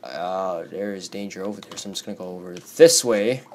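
A teenage boy with a hoarse, worn-out voice, rambling casually through a game commentary and jumping into yelps whenever something scares him. Keyboard typing clicks in the background as he plays. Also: lowish voice, normal speed. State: hoarse from screaming. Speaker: gaming YouTuber. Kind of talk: Minecraft let's play commentary.

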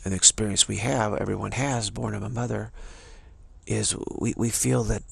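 A man's voice: on the low side, steady tone, normal speed, gravelly, fairly bright tone, breathy edge, no echo. A man giving an emphatic spiritual talk, repeating and restarting phrases as he presses his point. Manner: emphatic, repetitive, many restarts. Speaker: spiritual teacher.

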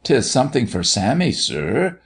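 A man's voice: medium pitch, sing-song, a little slow, pitched above the performer's own voice. A man voicing a pleading girl. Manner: eager, pleading, tumbling words. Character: poor outport girl, pleading and earnest. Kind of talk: audiobook character voice.

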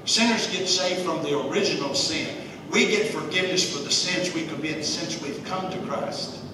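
A man's voice: sits high, normal speed. A man teaching an informal church Bible study in a folksy, conversational way, chuckling often. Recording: echoey room, distant mic, faint hiss.

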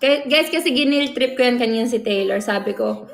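A woman's voice: fairly high pitch, fast talker, creaky. A woman with a Filipino accent hosting a casual livestream, chatting bubbly in mixed English and Tagalog and calling out thanks to viewers. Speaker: livestream host. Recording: roomy sound with faint music.

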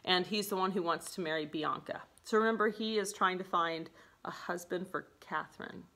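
A woman's voice: fairly low pitch, normal speed, pushed and bright. A woman teacher explaining a play in a chatty way, laughing often and saying "like" and "okay?" a lot. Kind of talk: casual classroom explanation.

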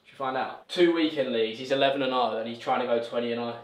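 A young man, giving loud, cocky, laughing commentary on his own gameplay as a pro gamer. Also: medium pitch, quick pace. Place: gaming room in a shared house. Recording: echoey room, faint music behind.

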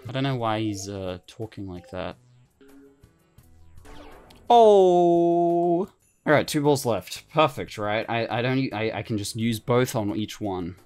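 A man giving casual let's-play commentary, excitable, swearing casually and laughing often. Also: medium pitch, slow, smooth, soft background music. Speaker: gaming commentator.

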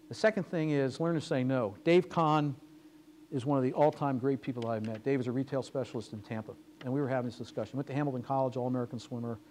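A man's voice: medium pitch, warm tone, slight background noise. A man giving a lecture as guest speaker, telling business anecdotes and acting out the dialogue. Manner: storytelling, acting out quoted dialogue. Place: lecture hall.

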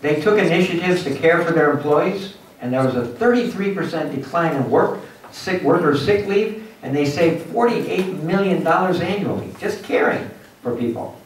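A man giving a lively motivational lecture at a symposium, acting out little scenes for his audience. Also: fairly high pitch, normal speed, slight background noise. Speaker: guest speaker at a symposium. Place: university lecture hall. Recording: echoey hall from far off.

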